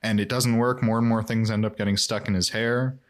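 A man's voice: fairly low pitch, fairly even intonation, brisk. A man co-hosting a podcast, recapping episodes in a rambling, self-deprecating way. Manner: rambling, self-deprecating, quotes lines in character. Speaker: podcast co-host recapping a show. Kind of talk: casual chat.

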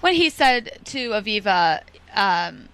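Bright-voiced woman sharing opinions. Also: medium pitch, very animated, slow, clear, resonant tone, dry recording. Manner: opinionated, acts out jokes. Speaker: podcast co-host. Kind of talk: casual panel chat.

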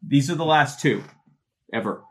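A man's voice: medium pitch, moderate pace, breathy edge. Dry, jokey male co-host. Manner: dry, jokey, keeps track of bids. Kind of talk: casual livestream auction chat.

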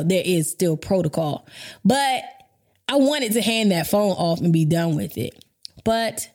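Animated, profane woman telling a story. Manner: animated, profane, laughs often, jumps into high voices for quotes. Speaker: podcast host and business owner. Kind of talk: casual storytelling monologue.

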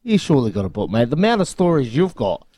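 A young man, co-hosting a radio show, talking earnestly in halting, self-repeating phrases. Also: medium pitch, big pitch swings, mellow, no room sound. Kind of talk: casual chat.

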